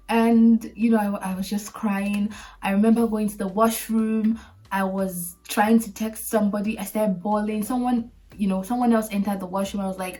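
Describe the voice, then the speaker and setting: A woman's voice: mid-range voice, moderate pace. A young woman hosting a podcast, animatedly telling a personal story and acting out the people in it. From Canada. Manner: animated, acts out quoted voices, laughs often. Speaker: podcast host. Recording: voice a bit far from the mic, faint music behind.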